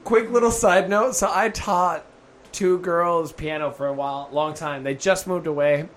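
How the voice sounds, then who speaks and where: A man's voice: fairly high pitch, steady tone, moderate pace, slight background noise. A man co-hosting a podcast, joking and telling stories with acted-out quotes. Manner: joking storyteller, acts out quotes. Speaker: podcast co-host. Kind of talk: casual chat.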